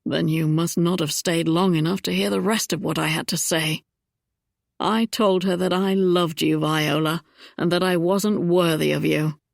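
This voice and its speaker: Woman playing a charming young duke, wry, earnest, slightly low, gravelly, audiobook. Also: fairly even intonation, moderate pace, no echo, studio quality.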